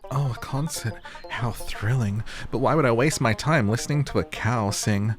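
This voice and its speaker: A man's voice: mid-range voice, normal speed, soft background music, natural voice. Male performer reads a sophisticated diva fox villager, haughty, affected, darling every line. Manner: affected, calls people darling.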